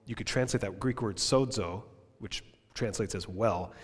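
A man's voice: on the low side, normal speed, breathy edge. Impassioned male pastor, reverberant church. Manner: impassioned, swings from loud to near-whispers. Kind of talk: sermon. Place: church service.

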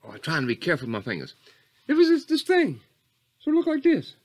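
A man playing Coach Catfish, an eccentric rambling character who drifts off on tangents and jumps between squeaky highs and low mutters. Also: huge pitch swings, quick pace, heavily acted. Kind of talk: comedic character monologue.

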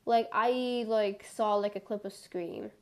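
A woman's voice: medium pitch, takes it slowly. A young woman streaming a game, chatting casually in a rambling way full of filler words, playful and given to mock-dramatic outbursts. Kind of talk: casual gameplay chat.

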